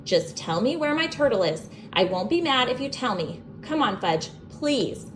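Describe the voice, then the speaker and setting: A woman's voice: fairly high pitch, very animated, moderate pace, noisy background. Indignant fourth-grade boy in a storybook, urgent and exasperated, played by a female reader. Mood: upset.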